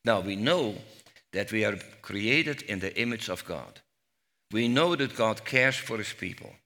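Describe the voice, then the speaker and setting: A man preaching a sermon on the Psalms, slow and emphatic, rising to loud cries when he quotes scripture. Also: on the low side, lively intonation. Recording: long hall reverb.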